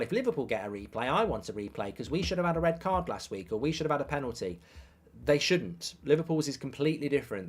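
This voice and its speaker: A man hosting a live football watchalong, chatting to the stream, reading out viewers' comments and scores in a brash, jokey way, swearing now and then. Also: mid-range voice.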